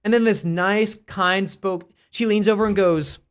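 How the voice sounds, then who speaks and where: An American streamer and teacher telling a story casually on a live stream, in an animated, rambling way, full of restarts and fillers. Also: mid-range voice, measured pace, clear, resonant tone. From United States.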